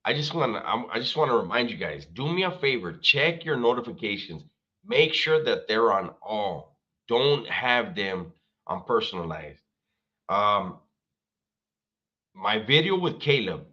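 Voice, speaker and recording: A man's voice: on the low side, pushed and bright, highs cut off. A man hosting a livestream, chatting casually and straight to his viewers, full of slang and swearing. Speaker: livestream host.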